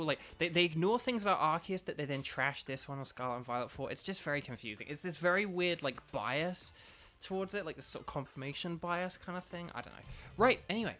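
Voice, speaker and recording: A man's voice: fairly high pitch, pushed and bright. A man streaming a video game, chatting casually with viewers in a rambling, enthusiastic way full of fillers. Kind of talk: casual live-stream chat.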